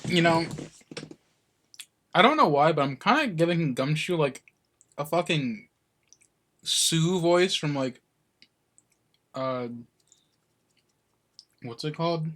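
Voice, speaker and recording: A man's voice: on the high side, expressive, slow pace, pauses often, a bit bright. A man streaming a game playthrough, chatting loosely and rambling, with casual swearing. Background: game music.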